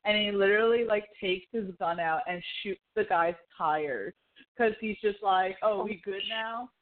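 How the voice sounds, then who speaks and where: A woman's voice: medium pitch, normal speed. A woman co-hosting a podcast in casual chat, telling stories in a rambling way full of fillers. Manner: rambling, filler-heavy storytelling. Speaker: podcast co-host. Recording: tinny phone-like line.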